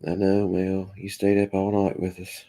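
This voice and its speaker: A man with a Kentucky Southern drawl, low and gravelly, taking his time over each word. He chats casually with his livestream viewers and reads their comments aloud. His voice sounds dark and a little congested from a chest cold. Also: moderate pace. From Kentucky, USA. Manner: relaxed drawl, reads and answers chat aloud. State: congested with a cough. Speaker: livestream host.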